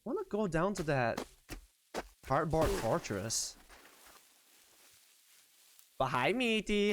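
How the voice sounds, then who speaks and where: Lively high-voiced male streamer. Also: a little slow, long pauses, noisy background. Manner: animated, excitable, swears freely, talks to chat. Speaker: live streamer. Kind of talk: casual live-stream chatter while gaming.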